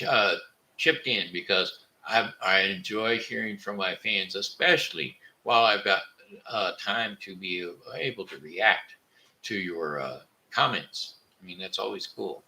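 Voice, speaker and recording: Brief: man hosting a live stream, slow and rambling, gravelly low voice. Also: sharp tone, rough recording. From Missouri, USA. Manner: rambling and halting, with many fillers and restarts. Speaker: livestream host reading chat. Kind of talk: casual live-stream chat.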